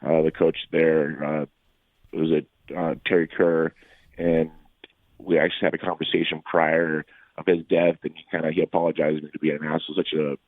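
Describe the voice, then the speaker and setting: A middle-aged man, a former fighter, telling stories from his career as an interview guest, rambling with frequent pauses and restarts. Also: rumbling low, flat delivery, dry recording. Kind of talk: casual storytelling in an interview. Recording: tinny phone-like line, dry.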